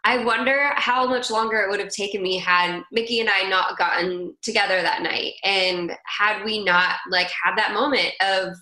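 A woman's voice: medium pitch, fairly even intonation, moderate pace, hardly any pauses, sharp tone, reverberant, poor audio. A woman guest chatting animatedly in an interview, telling stories with lots of "like". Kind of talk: casual conversational storytelling.

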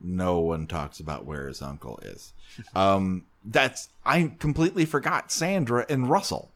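A man's voice: low voice, measured pace. Guy hosting a podcast, voice swings all over, laughs a lot, joking around. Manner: joking, animated, frequent laughs. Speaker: podcast host. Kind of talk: casual comedic chat.

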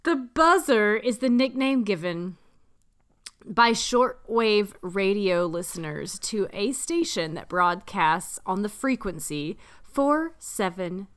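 A woman co-hosting a casual podcast with a lively voice that rises and falls widely. She reads out research notes and keeps breaking into laughter. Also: medium pitch, slow. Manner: laughs often, playful, does silly voices. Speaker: podcast co-host.

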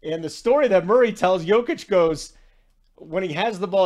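A male sports talk host with a slightly high voice chats energetically about games and bets. He talks casually and digressively, like he is telling the audience a story. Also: very animated, normal speed, a little mellow. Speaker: sports betting show host.

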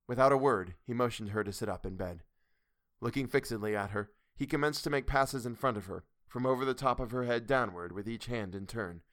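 A man reading a classic novel aloud in a measured, steady storytelling voice. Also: medium pitch, no echo, clean studio sound. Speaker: audiobook narrator. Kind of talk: audiobook reading.

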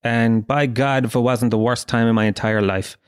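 A man's voice: mid-range voice, steady tone, moderate pace, clean tone, no room sound. A young Irish man hosting his own podcast, telling rambling, profane, jokey stories into a close mic. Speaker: podcast host. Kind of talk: comic monologue.

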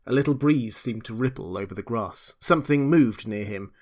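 A man's voice: medium pitch, darkish tone. Man narrating a classic novel. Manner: measured, dramatic storytelling.

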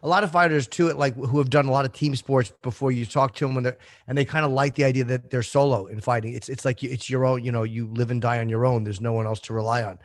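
A man's voice: medium pitch, fairly even intonation, fast, hardly any pauses, no room sound, clean studio sound. A man co-hosting an interview, asking long, winding, chatty questions. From United States. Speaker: co-host interviewer.

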